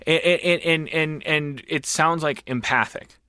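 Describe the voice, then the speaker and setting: A man co-hosting a casual podcast chat, excitable and profane, often stammering and restarting his sentences. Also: a little high, a little slow, clean tone, no room sound, studio quality. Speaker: podcast co-host.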